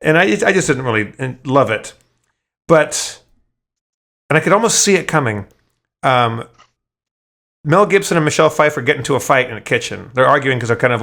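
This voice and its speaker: A man co-hosting a podcast, telling stories in casual chat, profane and animated, stumbling over his restarts. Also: mid-range voice, brisk. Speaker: podcast co-host.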